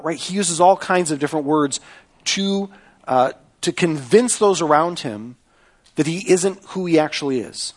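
A man's voice: on the high side, fairly quick. A man preaching a sermon in a conversational way, often checking in with listeners by asking "right?". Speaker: pastor.

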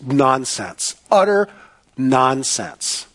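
A man delivering a sermon with a fairly high voice. He presses his points by repeating phrases and firing rhetorical questions at the congregation, earnest and emphatic throughout. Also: big pitch swings, unhurried. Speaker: pastor.

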